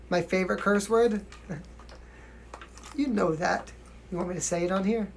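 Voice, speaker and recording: A man's voice: sits high, a little slow, gravelly, a little hiss or hum. A young man from New York with a mild New York accent, chatting casually on a livestream as a singer answering viewer questions, often asking "you know what I mean" and laughing.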